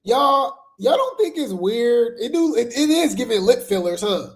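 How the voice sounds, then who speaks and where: A man's voice: extremely high pitch, big pitch swings, moderate pace. A man hosting casual gossip commentary, sarcastic and chatty, talking straight to his viewers.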